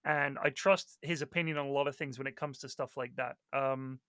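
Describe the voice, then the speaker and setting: A man chatting casually on a podcast, telling stories with lively acted-out quotes and plenty of swearing. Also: medium pitch, brisk, clear, resonant tone, no room sound, studio quality. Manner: animated storyteller, acts out quoted people, swears freely. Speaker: Dota 2 caster, podcast guest.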